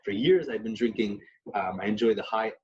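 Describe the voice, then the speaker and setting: Animated storytelling man, slightly muffled. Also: on the low side, fairly quick. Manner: animated, mixes in Yiddish phrases. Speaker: podcast co-host. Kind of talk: casual chat and storytelling.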